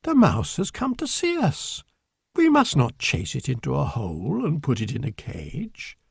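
A man reading a storybook aloud and voicing a kindly, firm woman in a soft raised voice, gentle and coaxing. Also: medium pitch, huge pitch swings, a little slow, gravelly, husky, no echo, clean studio sound, full character voice.

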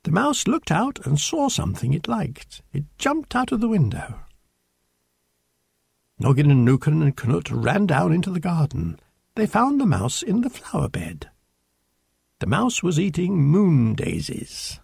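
Male storyteller, slow, husky and gravelly, very lively pitch, dry close sound. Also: no room sound. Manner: slow, expressive read-aloud with lively pitch. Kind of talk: storybook reading aloud.

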